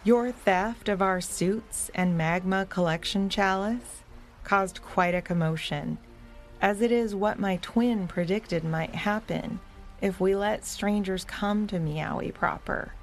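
A woman voicing a stern, formal ruler in a children's audio story, speaking gravely. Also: mid-range voice, takes it slowly, soft background music.

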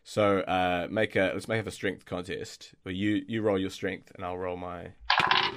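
A man's voice: low-pitched, level tone, moderate pace, a bit bright. A man narrating as game master in a tabletop game, hesitant with many fillers and restarts.

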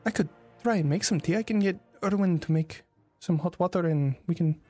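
A man voicing a timid female tavern keeper who speaks quietly and apologetically in a tabletop game. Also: sits high, fairly quick, faint music behind. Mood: sheepish.

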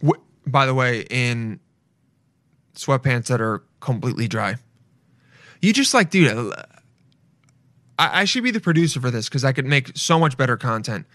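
A man's voice: medium pitch, big pitch swings, moderate pace, long pauses, a bit bright, no echo. A young man giving crude, blunt, casual commentary as he reacts to videos, swearing freely.

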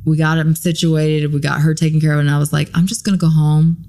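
A woman's voice: low-pitched, fast. A woman guest on a podcast, telling a story casually, acting out the lines of people in it, with many ums and likes. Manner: animated retelling, acts out quoted lines.

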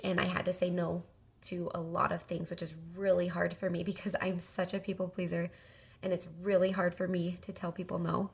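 A woman's voice: fairly low pitch, level tone, a little fast, creaky. A woman co-hosting a podcast, speaking sincerely and candidly in a casual chat. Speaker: podcast co-host.

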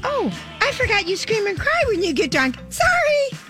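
A woman voicing Mimsy, a manipulative teenage mean girl, reading old notes aloud in a very high girlish voice. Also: wildly swooping pitch, normal speed, loud music behind the voice, heavily acted. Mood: scheming.

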